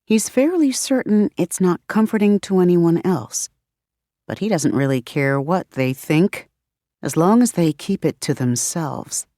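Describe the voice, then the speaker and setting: A woman reads an audiobook in a steady, measured storytelling style, her pitch fairly low. The scripted narration is a dry recording with clean studio sound.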